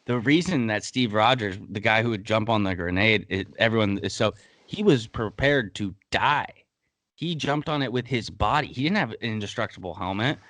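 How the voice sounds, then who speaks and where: A man's voice: fairly low pitch, expressive, normal speed, a bit bright, dry recording. A man hosting a casual podcast, breaking down a TV episode in a heated, blunt way and swearing freely. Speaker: podcast host.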